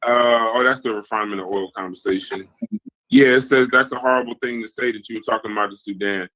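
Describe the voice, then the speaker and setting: Poor audio captures a man with a lowish voice speaking fast. Animated and scattered, he hosts a heated, casual podcast debate, reading comments from the chat aloud as he jumps around.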